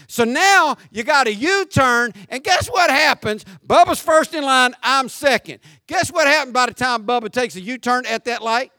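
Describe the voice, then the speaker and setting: A man preaching a sermon as pastor, folksy and joking, swinging from shouts down to quiet, low talk. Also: normal speed, few pauses, dry recording, studio quality. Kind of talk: conversational sermon.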